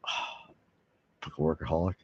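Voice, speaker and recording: A man's voice: extremely low pitch, steady tone, unhurried, breathy edge, no echo. A man rambling casually to his viewers, swearing freely and chuckling between thoughts. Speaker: vlogger. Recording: dull lo-fi sound.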